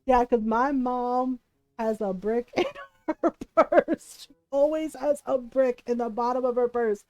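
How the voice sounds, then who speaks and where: A woman streamer telling a story in casual chat, animated, laughing often and saying "like" and "right?" a lot. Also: a little high, moderate pace, highs cut off.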